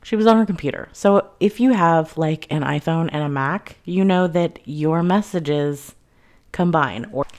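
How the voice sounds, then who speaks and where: A woman's voice: low-pitched, unhurried, darkish tone. A young woman casually recapping a novel's plot, chatty and full of "like," lightly acting out the characters' lines. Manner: chatty, many "like"s, acts out quotes lightly. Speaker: book reviewer.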